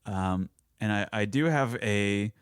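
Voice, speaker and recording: Halting, smooth-voiced man. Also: fairly low pitch, no echo, clean studio sound. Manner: hesitant, halting with restarts. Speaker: podcast guest. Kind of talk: casual podcast chat.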